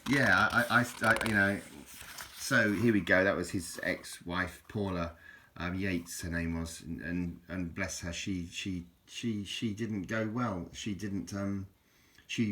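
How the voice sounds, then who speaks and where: A man's voice: deep voice, noisy background. A man chatting casually about a book at home, rambling and hesitant, with many fillers and chuckles. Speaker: vlogger reviewing a book. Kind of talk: casual chat.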